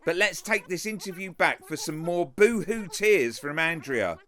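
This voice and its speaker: A man's voice: high voice, moderate pace, fairly bright tone. A man hosting a political video channel, commenting on a clip in a sarcastic, mocking way.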